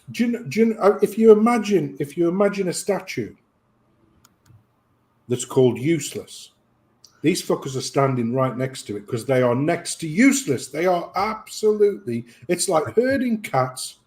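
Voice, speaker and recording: A British man on a casual chat show, ranting profanely and telling an animated story. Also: high voice.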